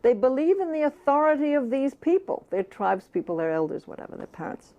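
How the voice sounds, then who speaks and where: A woman's voice: sits high, very animated, brisk, mellow, highs cut off. An older woman, an author, giving impassioned, emphatic interview answers and at times speaking as if she were the baby. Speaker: author interviewed about child care.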